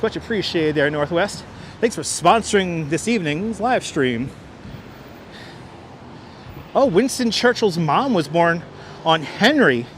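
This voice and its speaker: Here a man with a high-pitched voice hosts a relaxed livestream while walking city streets outside. Talking through a wireless clip-on mic that picks up a little hiss or hum, he restarts phrases and thanks viewers as he moves along.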